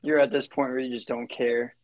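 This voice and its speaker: A man's voice: mid-range voice, little pitch movement, a little fast, muffled recording. A man co-hosting a casual podcast chat, agreeable and easygoing. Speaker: co-host.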